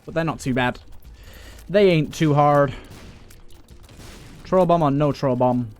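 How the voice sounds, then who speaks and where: Young male let's player, slightly higher voice, casual, swears, chats to the game. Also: slow, a little mellow. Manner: joking, grumbling, swears, talks to the game. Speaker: let's play gamer. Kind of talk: casual gameplay commentary.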